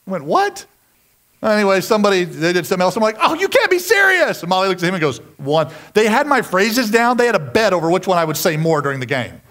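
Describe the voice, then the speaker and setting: Man, pastor's sermon, high voice, animated, jokes at himself. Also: fast talker, hardly any pauses. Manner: animated, self-mocking storytelling with sudden shouted outbursts.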